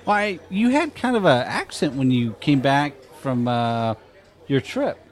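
A man's voice: mid-range voice, animated, a little slow. Regular guy cohost, dry teasing jabs, casual comedy chat. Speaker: podcast co-host.

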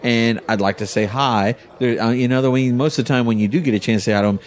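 A man's voice: mid-range voice, fast. A man co-hosting a podcast in casual chat, cracking jokes and swearing. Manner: wisecracking, profane.

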